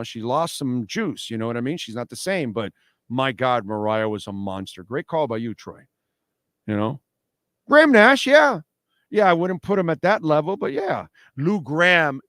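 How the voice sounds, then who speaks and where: Animated, emphatic male radio host. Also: on the high side, no echo, clean studio sound. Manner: animated, emphatic, repeats words. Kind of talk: casual sports radio talk. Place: radio studio. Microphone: studio microphone.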